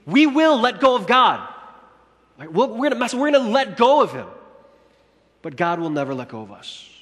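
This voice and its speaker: A man preaching a sermon in a church hall, lively and acting out the quoted lines. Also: fairly high pitch. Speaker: pastor.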